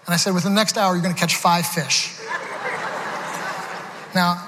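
A man's voice: high voice, flat delivery, normal speed. A man preaching a sermon, telling stories with laughter and frequent restarts. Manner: storytelling with laughs, many restarts. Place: large church hall. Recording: reverberant hall with crowd noise.

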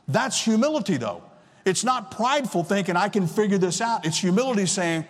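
A man's voice: high-pitched, very animated, fairly quick. A man in his sixties preaching a sermon as pastor, emphatic and repeating key phrases. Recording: long reverb of a large hall.

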